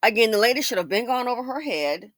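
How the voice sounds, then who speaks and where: Bright, lively woman commentating. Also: on the high side, fast talker, no echo, studio quality. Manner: emphatic, rhetorical questions, repeats herself. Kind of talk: casual storytime commentary.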